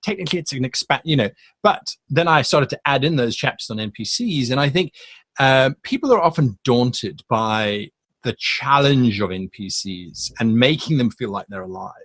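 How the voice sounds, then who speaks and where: A man's voice: mid-range voice, animated, normal speed, fairly bright tone, dry recording. Man, dry close sound. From South Africa. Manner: thoughtful, rambling with many restarts. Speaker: guest, game master YouTuber. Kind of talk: casual interview chat.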